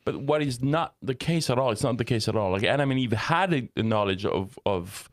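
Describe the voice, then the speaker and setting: A man hosting a Christian talk show, explaining ethics in an unhurried, thinking-aloud way with restarts. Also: mid-range voice, lively intonation, no room sound, clean studio sound. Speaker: host and ethics teacher.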